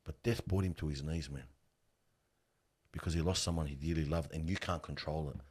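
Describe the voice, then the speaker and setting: A man's voice: extremely low pitch, steady tone, a little fast, darkish tone, slightly rough. A middle-aged man who works in funerals, telling heartfelt stories in an earnest, emphatic and slangy way, calling his listener "bro". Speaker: funeral worker and guest. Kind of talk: heartfelt conversational storytelling.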